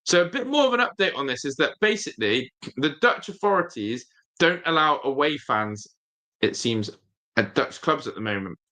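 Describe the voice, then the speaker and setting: Lively bright-voiced man hosting a football stream. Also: fairly high pitch, moderate pace. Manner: emphatic, repeats phrases, talks straight to viewers. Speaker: football fan channel host. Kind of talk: casual football commentary stream.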